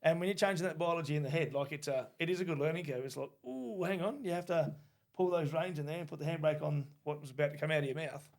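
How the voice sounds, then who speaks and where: A man's voice: on the high side, fairly even intonation, fast talker. A middle-aged Australian man co-hosting a podcast, telling stories bluntly and casually, with the odd swear word. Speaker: podcast co-host. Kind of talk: casual chat.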